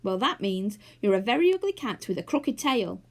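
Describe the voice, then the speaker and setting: A woman's voice: mid-range voice, very animated, measured pace. A woman doing a furious wooden toy cat. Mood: angry. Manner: indignant, scolding.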